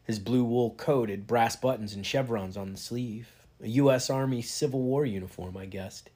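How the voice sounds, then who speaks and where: A man reads a novel aloud at home in a relaxed, unhurried way. His voice is somewhat husky at middle pitch. He gives the characters a light touch of voice without turning it into a performance. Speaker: reader. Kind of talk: casual read-aloud of a novel.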